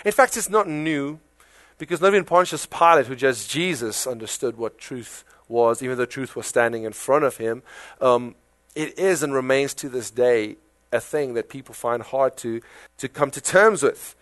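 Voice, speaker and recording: A man with a South African accent preaching a sermon in a conversational, animated way, full of rhetorical questions. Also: mid-range voice, normal speed, no echo. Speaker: pastor.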